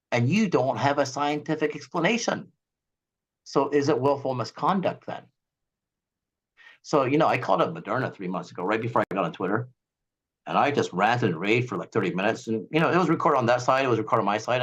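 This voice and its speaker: A man's voice: mid-range voice, breathy edge, highs cut off. Guy on a podcast ranting animatedly about his case, voice sits in a middle range. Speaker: guest, eye surgeon. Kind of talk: casual interview talk.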